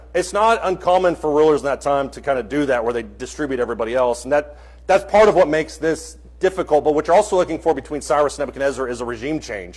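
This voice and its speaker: A man leading an interactive Bible class, asking the group questions and calling on students by name. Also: mid-range voice.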